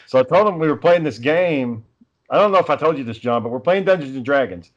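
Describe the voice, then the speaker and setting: A man's voice: a little high, animated, fast, highs cut off. A man telling rambling, profane stories in casual chat with friends.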